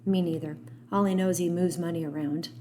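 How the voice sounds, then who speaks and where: A woman reading an audiobook voices a gruff, grieving older man who is kind underneath. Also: lowish voice, steady tone, fairly quick, dark tone, a little hiss or hum, close to an everyday voice. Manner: gruff, plain-spoken.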